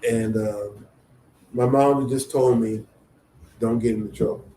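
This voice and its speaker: A man's voice: medium pitch, fairly even intonation, a little slow, mellow. A man, an author at a book event, telling a story and acting out the dialogue of the people in it. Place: event venue. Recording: echoey room, faint noise.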